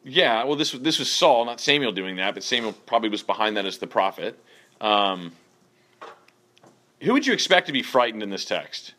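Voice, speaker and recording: A man's voice: fairly low pitch, very animated, moderate pace, pushed and bright. A man leading a group Bible study in a casual way, reading verses and asking the group questions.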